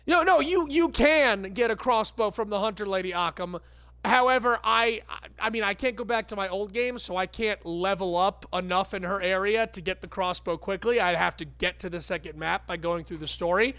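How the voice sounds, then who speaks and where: A woman's voice: mid-range voice, normal speed, a bit bright, no room sound. A woman streamer giving live gameplay commentary, ranting with lots of swearing and stammered restarts. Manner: profane, exasperated ranting.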